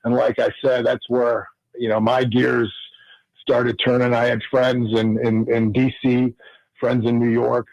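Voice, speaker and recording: Former football player telling stories. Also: male voice, mid-range voice, level tone, gravelly, a little mellow, no room sound, dull audio. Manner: storytelling, halting with restarts. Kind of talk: conversational radio interview.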